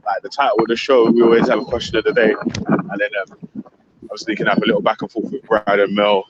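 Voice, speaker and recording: A man's voice: lowish voice, level tone, fast talker, lo-fi sound. A man hosting a live show from his phone outdoors in the wind, laid-back and slangy. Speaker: show host. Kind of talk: casual live-stream hosting.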